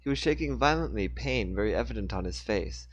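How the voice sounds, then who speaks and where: A man's voice: fairly low pitch, lively intonation, fairly quick. A man reading his own story aloud on a live stream, with casual asides and self-corrections. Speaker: author reading his book.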